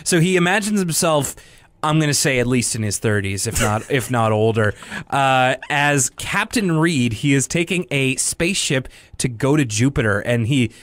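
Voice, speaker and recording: A man co-hosting a podcast, casually recapping a cartoon with animated storytelling. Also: mid-range voice, normal speed. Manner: animated storytelling, slipping into quoted voices. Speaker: podcast co-host. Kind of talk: casual chat about a cartoon.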